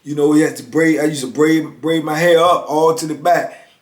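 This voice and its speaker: A man's voice: fairly high pitch, steady tone, moderate pace. Laid-back middle-aged man telling stories. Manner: laid-back, lots of "man" and "you know what I'm saying". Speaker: storyteller, former prisoner. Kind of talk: casual storytelling. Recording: roomy echo.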